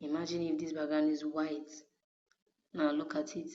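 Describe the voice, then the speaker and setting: A woman's voice: low voice, little pitch movement, normal speed, a little mellow. A woman teaching graphic design in a patient, step-by-step way, often checking in with her viewers. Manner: patient, repeatedly checks in with "okay?". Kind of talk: screen-recorded design tutorial. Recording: dull lo-fi recording.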